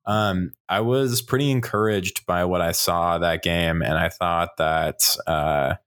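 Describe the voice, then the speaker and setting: A man's voice: low voice, steady tone, slow, a bit bright, clear, resonant tone. A man on a casual podcast panel, chatting in a rambling, self-interrupting way and laughing often. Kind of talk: casual chat.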